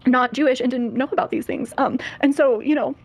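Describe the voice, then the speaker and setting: A tearful woman speaking as a podcast guest, halting and filling her speech with fillers and restarts. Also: sits high, steady tone. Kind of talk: podcast discussion.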